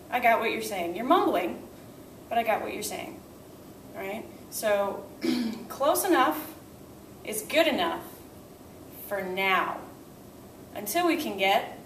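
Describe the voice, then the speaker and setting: A young woman teaches a language class, walking through methods step by step and checking in often with "right?" Her medium-pitched voice is a bit bright, and it sounds far from the mic in an echoey room with a little hiss or hum.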